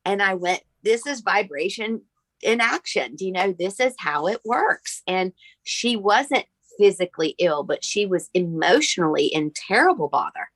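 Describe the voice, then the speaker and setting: Woman, healer guest, animated storyteller, dry close recording. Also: medium pitch, unhurried, no echo. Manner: animated storyteller acting out dialogue. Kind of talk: conversational interview storytelling.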